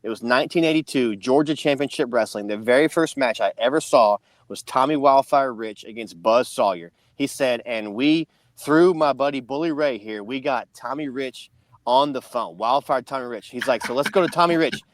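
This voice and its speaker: At normal speed and medium pitch, a man on a podcast he co-hosts tells a long tale casually, wandering off and restarting many times. The sound is dry.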